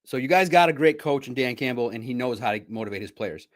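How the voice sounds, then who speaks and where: A man's voice: medium pitch, lively intonation, quick pace. A man hosting a casual sports livestream, rambling and self-deprecating, often laughing at himself. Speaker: sports podcast host and reporter.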